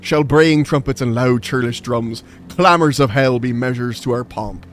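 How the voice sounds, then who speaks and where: A man putting on a booming pirate-brogue Shakespearean. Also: moderate pace, a little hiss or hum, close to an everyday voice. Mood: declaiming. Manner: loud, theatrical recitation with rolled archaic phrasing. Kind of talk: dramatic verse reading.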